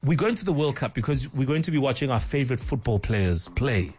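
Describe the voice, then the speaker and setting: A man's voice: medium pitch, animated, fairly quick, a little mellow, soft background music. A young adult man hosting a casual interview, upbeat and encouraging, laughing often. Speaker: radio host.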